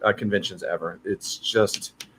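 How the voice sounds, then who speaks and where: Bright-voiced animated male storyteller. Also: low-pitched, unhurried, slight background noise. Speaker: show regular and guest voice actor. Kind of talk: casual live-stream chat.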